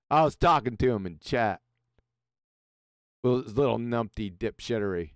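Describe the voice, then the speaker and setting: A man hosts a live-stream panel in a smooth, resonant voice that swings widely in pitch. He talks bluntly and mockingly, with frequent swearing. The sound is dry and close. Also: lively intonation, moderate pace, long pauses, no room sound. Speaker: host.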